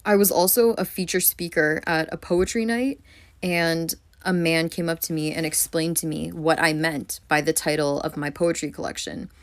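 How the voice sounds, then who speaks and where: Low-voiced poet woman, dry close sound. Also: steady tone, normal speed, no echo. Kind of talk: storytelling to camera.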